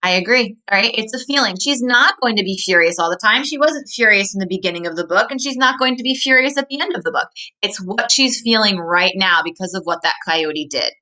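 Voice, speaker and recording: Bright-voiced woman teaching. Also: medium pitch, lively intonation, rough recording. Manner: asks questions, slows to stress key words. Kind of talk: reading aloud and explaining a story to children.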